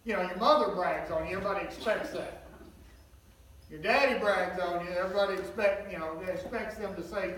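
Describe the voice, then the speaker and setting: A man's voice: sits high, brisk, fairly bright tone, a little hiss or hum. A man preaching a sermon, retelling scripture in a folksy, conversational way with joking asides. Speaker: pastor. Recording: echoey hall, mic at a distance.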